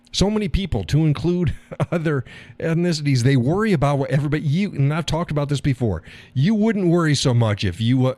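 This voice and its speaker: On a live stream, a middle-aged male host delivers a casual monologue, blunt and profane, laughing often. His mid-range voice is a little mellow, with no echo, picked up by an audio call or stream mic.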